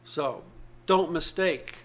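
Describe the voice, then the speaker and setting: A man's voice: a little high, takes it slowly. A man, probably older, preaching a sermon, reading scripture aloud and explaining it earnestly with repeated phrases.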